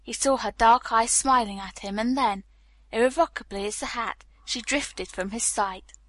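A woman narrating a novel as an audiobook reader, telling the story in a calm, even manner. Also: a little high, normal speed, no room sound. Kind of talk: scripted narration.

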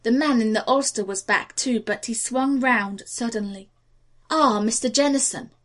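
A woman narrating an audiobook with a steady, expressive reading. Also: fairly high pitch, normal speed.

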